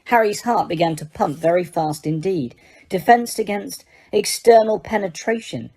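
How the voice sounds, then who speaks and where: A woman narrating an audiobook in a steady storytelling manner, with the odd small slip. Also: on the low side, normal speed. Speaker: audiobook reader.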